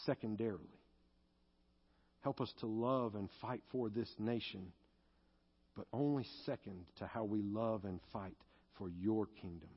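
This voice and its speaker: A man's voice: fairly low pitch, a little slow, slightly rough, muffled recording. A male pastor preaching a sermon and leading a closing prayer, earnest and confessional, at times rising into fervent pleading.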